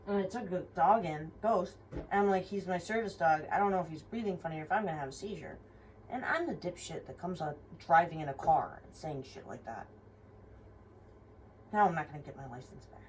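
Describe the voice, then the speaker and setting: In a lowish, brisk voice, a young vlogger rambles frankly through a personal story, full of fillers and frequent swearing. The recording comes from a somewhat distant mic and picks up faint room noise.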